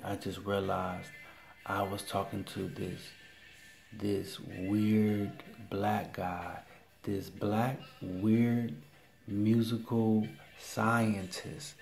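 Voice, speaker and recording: Man, casual storytelling, low voice, gravelly, excitable, faint background music. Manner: animated, excitable retelling with repeated exclamations.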